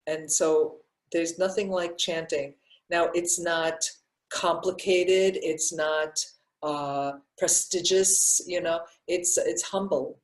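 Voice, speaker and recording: An older woman with a lowish voice answers questions about breathing practice. She talks loosely, full of fillers and restarts. Her voice carries around an echoey room. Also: steady tone, slow. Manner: warm, rambling, many restarts and fillers. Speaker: breathwork teacher. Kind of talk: live Q&A answers.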